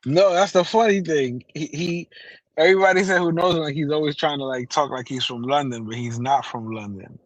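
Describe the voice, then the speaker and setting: A man's voice: a little high, fairly quick, dry recording, highs cut off. A man co-hosting a casual streamed chat, chatty, often laughing and retelling gossip. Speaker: co-host.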